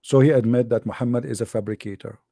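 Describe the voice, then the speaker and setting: An online religious debater gives a scornful, emphatic monologue in non-native English, repeating phrases and laughing often. His voice is medium-pitched, steady, quick and dark. The recording is dry and studio quality.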